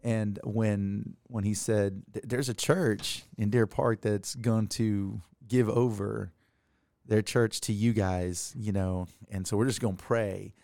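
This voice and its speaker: Man, host, gravelly voice, dry close sound, rambling and enthusiastic. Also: lowish voice, steady tone, slow, warm tone, dry recording. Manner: rambling, repeats words, enthusiastic. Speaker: podcast host. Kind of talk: casual interview.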